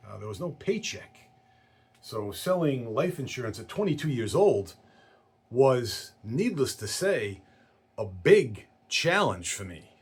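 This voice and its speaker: A man telling a story from his work in insurance in a casual way, acting out the people in it with lively voices. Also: medium pitch, slow pace, slightly rough. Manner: animated storyteller who acts out quoted voices.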